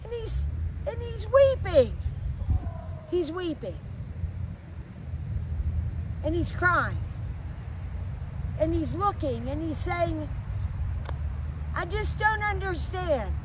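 Very high-voiced woman preaching slowly. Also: sing-song. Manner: urgent, pleading, emotional. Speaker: minister. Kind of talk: impassioned preaching and prayer. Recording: outdoor traffic noise behind voice.

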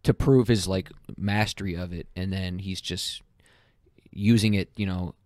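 A man's voice: sits low, steady tone, a little slow, a little mellow, dry recording, studio quality. A young man, a podcast guest, explaining a topic earnestly in a rambling, casual way with many "you know"s. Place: podcast studio.

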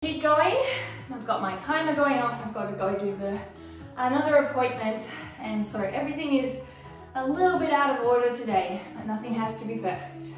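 A woman's voice: fairly high pitch, fairly quick. A woman fitness instructor guiding a workout, encouraging and cueing moves and counting time. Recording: echoey room, mic far off, faint music.

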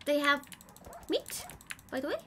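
A young woman streaming a game in casual, simple broken English, excitable, with squeals, gasps and sing-song humming. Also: sits high, a little slow, noisy background. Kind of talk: casual gameplay chat.

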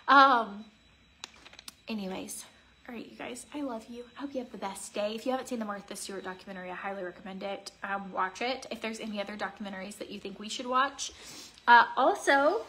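A woman's voice: mid-range voice, normal speed, bright, forceful tone. A woman in her thirties chatting casually as a vlogger while getting ready at home, rambling earnestly with lots of fillers. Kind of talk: casual get-ready-with-me chat. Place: home, indoors.

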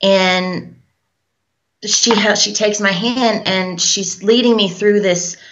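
A young woman, a guest in an interview, telling a personal story in a halting, hesitant way with many fillers. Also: medium pitch, steady tone, fairly bright tone. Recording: dull lo-fi recording.

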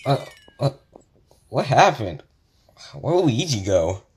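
Casting: performer voicing a nervous male plumber, stammering, shrill panic, slow wobbly delivery. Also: very animated, slight background noise. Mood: panicked. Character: timid, jumpy adult brother plumber, male. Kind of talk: fan puppet-style comedy video.

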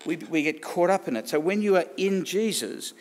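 A man's voice: sits high, expressive, normal speed. A man with an Australian accent preaching a sermon in a conversational way, often asking questions and restarting phrases. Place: church hall. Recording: long church reverb.

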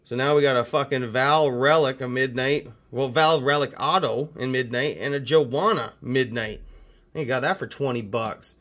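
A man's voice: medium pitch, normal speed. Profane, hyped-up card-collecting guy. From Canada. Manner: profane, excitable hype talk. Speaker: card collecting channel host. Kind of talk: casual mail-day chat.

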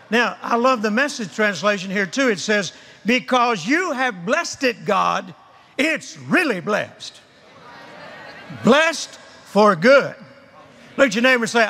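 Older male preacher, drawn-out emphatic delivery, bright tone, large convention hall. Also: sits high, animated, gravelly. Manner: emphatic, repetitive, leads crowd call-and-response. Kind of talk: sermon. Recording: long hall reverb.

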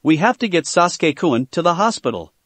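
A man voicing an excitable, clingy teenage ninja girl with sharp, eager outbursts. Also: fairly low pitch, a little fast, no echo. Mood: eager, indignant.

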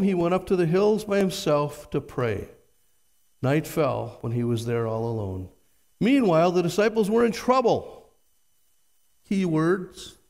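A man's voice: high-pitched, darkish tone, long reverb tail. A male pastor preaching a sermon. He reads scripture aloud with dramatic emphasis and puts rhetorical questions to his congregation. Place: church sanctuary.

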